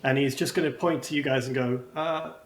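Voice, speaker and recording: A man's voice: mid-range voice, fairly even intonation, fast, a little hiss or hum. A man narrating a tabletop game as game master, descriptive, with frequent ums. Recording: echoey room.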